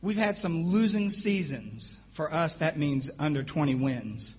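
High-voiced husky man preaching slowly. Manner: animated, excitable storyteller. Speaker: guest preacher. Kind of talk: sermon with personal storytelling. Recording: dull lo-fi church recording.

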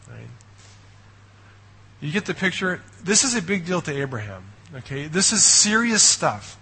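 A man preaching a sermon in an animated, conversational way, checking in with his listeners through frequent rhetorical questions. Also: a little high, moderate pace, slightly rough. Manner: animated storytelling. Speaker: pastor.

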